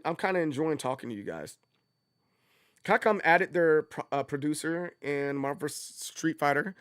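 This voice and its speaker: A man's voice: on the high side, no room sound, clean studio sound. A man hosting a casual livestream, talking in a loose, rambling way that circles back and repeats points. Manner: animated, rambling, repeats himself. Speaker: streamer host.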